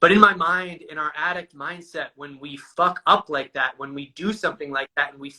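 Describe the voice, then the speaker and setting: A man's voice: on the high side, moderate pace, pushed and bright, poor audio. A man telling his own story in casual, profane talk, calling his listener "dude" again and again. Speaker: guest sharing a recovery story. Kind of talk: candid conversational storytelling.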